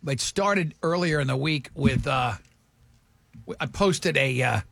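High-voiced male radio host. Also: unhurried, creaky, dry recording. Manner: animated, reads listener comments aloud. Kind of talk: morning radio banter.

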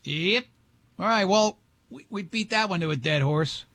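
A man's voice: sits high, expressive, a little slow, a bit bright, no room sound. A middle-aged man hosting a talk show, telling rambling, joking stories in casual chat. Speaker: radio show host.

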